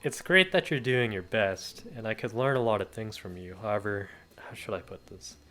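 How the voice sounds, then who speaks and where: A man reading as a gentle, soft-spoken young woman. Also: fairly low pitch, moderate pace, faint music behind. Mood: polite.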